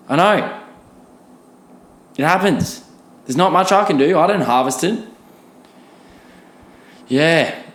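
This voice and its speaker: A man's voice: a little high, takes it slowly, long pauses, reverberant. A young man hosting a solo podcast, ranting in a casual, profane, self-deprecating way. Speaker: podcast host. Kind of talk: solo comedic podcast rant.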